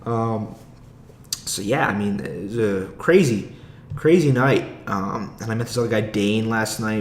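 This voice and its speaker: A man's voice: fairly low pitch, reverberant, slight background noise. A young man, an aspiring comic, rambling casually and with a lot of swearing in a solo podcast monologue, with frequent laughs. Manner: rambling, profane, laughs often.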